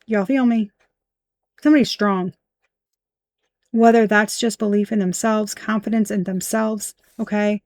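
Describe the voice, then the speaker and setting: A woman's voice: mid-range voice, fairly even intonation, unhurried, pauses often, a little mellow, dry recording. A woman giving a casual tarot reading, blunt and emphatic, swearing freely as she points out the cards. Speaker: tarot reader.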